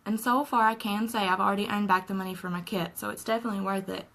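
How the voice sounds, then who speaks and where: A young woman talks through her makeup routine in a chatty, earnest way. Her voice is bright and forward, with a lot of vocal fry at the ends of phrases. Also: mid-range voice, steady tone, fast, slight background noise, poor audio. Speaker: makeup vlogger. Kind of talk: casual makeup tutorial chat. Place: at home.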